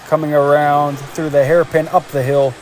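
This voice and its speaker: A male race commentator with a slightly higher-than-average voice, calling the action play by play. His delivery is energetic and excitable, and a faint hum of noise sits behind him. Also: normal speed.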